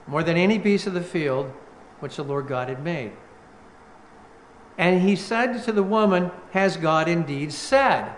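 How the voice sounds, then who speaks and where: A pastor preaching a sermon, reading scripture aloud with rising, emphatic force. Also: male voice, high-pitched, echoey room, slight background noise.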